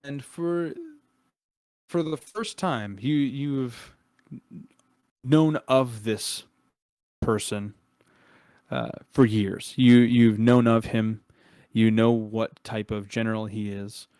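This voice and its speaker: A young adult man narrating as game master of a tabletop game, relaxed and chuckling, with frequent filler words. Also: medium pitch, takes it slowly, pauses often, clean tone, no echo.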